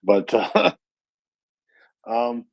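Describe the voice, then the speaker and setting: A man asking questions in a casual online discussion, joking and chatty, with halting restarts. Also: mid-range voice, steady tone, no echo, poor audio. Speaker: panel regular asking questions.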